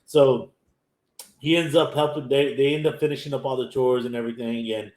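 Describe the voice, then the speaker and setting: A man's voice: mid-range voice, fairly even intonation, fairly quick, darkish tone. A man, casually recapping an anime episode in a rambling way and acting out the characters' lines. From Texas, USA. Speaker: anime podcast host. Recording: echoey room.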